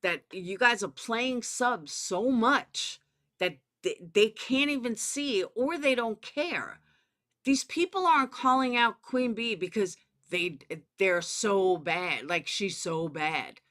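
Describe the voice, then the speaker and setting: A commentary YouTuber speaks slowly with lively intonation in a mid-range, slightly bright voice. With her Southern US accent, she rants about drama, sarcastic and profane, calling people out directly.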